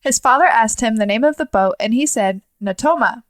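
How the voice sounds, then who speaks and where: A woman's voice: fairly high pitch, lively intonation, a little fast, no room sound. A woman co-hosting a podcast, reading true stories aloud with teasing banter in between. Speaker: podcast co-host. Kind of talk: reading stories, casual chat.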